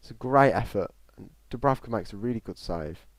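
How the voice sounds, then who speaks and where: A man's voice: lowish voice, a little fast, no room sound. An English man streaming live reactions to a football match, talking nonstop through the play and reading out chat messages, recorded in a small closed room at a desktop mic. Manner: excitable running commentary, reads live chat. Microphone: desktop mic in front of a screen.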